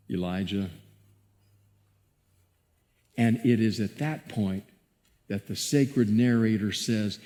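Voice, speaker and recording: A male pastor preaching a sermon and reading scripture dramatically, moving between hushed and emphatic passages. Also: lowish voice. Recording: long church reverb.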